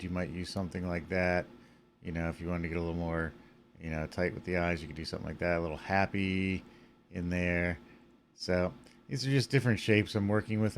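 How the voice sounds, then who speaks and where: Sleepy low gravelly man demoing a puppet. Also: a little hiss or hum. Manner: relaxed and rambling, many fillers, yawning. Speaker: animation puppet creator. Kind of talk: casual screen-recorded tutorial.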